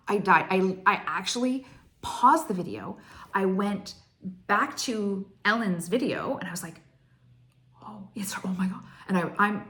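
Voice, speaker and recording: A woman, gushing through a chatty cross stitch vlog story with lots of "like". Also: medium pitch. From Canada. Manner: excitable, gushing, heavy use of "like".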